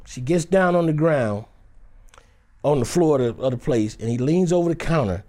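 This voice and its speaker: Expressive and a little high, with a darkish tone and moderate pace, this man, an actor from Detroit, dramatically recounts a personal story. He brings it to life by performing the scenes in changing voices.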